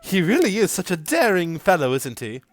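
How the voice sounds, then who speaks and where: A haughty aristocratic mother who flirts shamelessly, as a man puts her on. Her teasing, theatrical voice swoops up high and down again. It is dry and close to the mic. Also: very animated, moderate pace, no room sound.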